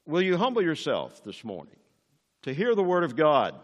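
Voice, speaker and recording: Older preacher with a lively voice. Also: male voice, fairly high pitch, normal speed, in a large hall. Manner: emphatic preaching, rising on key words. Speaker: pastor. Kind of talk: sermon.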